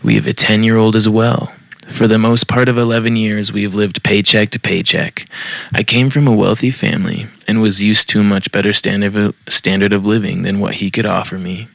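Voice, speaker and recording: Gravelly deep-voiced man, blunt and profane. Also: fairly even intonation, brisk, fairly bright tone, no echo. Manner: blunt and profane, mocking asides. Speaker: podcast host. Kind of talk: reading a post aloud with commentary.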